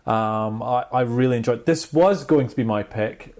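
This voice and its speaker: Animated man telling stories on a podcast. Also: medium pitch, moderate pace. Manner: animated storyteller, acts out quotes. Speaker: podcast host. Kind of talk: casual music chat.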